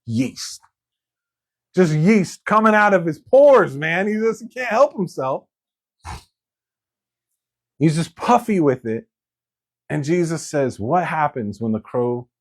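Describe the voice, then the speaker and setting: A male pastor preaching a sermon, telling the story in an animated way and acting out the quoted lines. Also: fairly high pitch, takes it slowly, pauses often.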